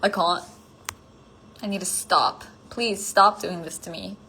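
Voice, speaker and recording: A woman's voice: fairly low pitch, moderate pace, creaky, bright, forceful tone, slight background noise, poor audio. A woman chatting casually on a phone livestream, answering fan comments. She is giggly and self-conscious, with lots of "like" fillers.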